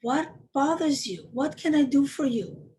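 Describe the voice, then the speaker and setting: A woman voicing a kind, serious king who speaks gently to a child. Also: high-pitched, measured pace, slight background noise, rough recording. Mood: gentle.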